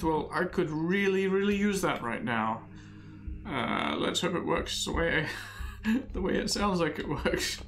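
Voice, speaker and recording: Gravelly man commenting on a game. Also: fairly high pitch, lively intonation, unhurried, a bit bright, slight background noise. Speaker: let's player. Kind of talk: gameplay commentary, reading in-game texts.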